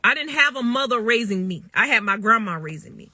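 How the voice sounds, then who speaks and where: A woman in her thirties speaks straight into her phone on a live stream. Her voice is very bright and cutting, and she talks in an emphatic, repetitive way, often checking in with her listeners. The sound is dry and close, with no room around it. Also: on the high side, animated, a little fast, dry recording. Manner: emphatic and repetitive, often asks "you know what I'm saying". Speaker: livestream host talking to viewers. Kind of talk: casual livestream monologue.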